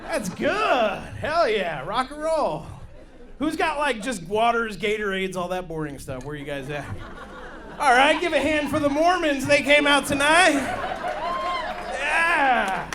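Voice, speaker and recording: A male comedian doing stand-up in a high, bouncy voice that swings all over the place. He hypes the room with rowdy crowd work. The voice comes through a handheld stage mic, with a faint crowd behind him. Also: big pitch swings, measured pace, background noise. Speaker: comedy club host. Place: comedy club stage with live audience.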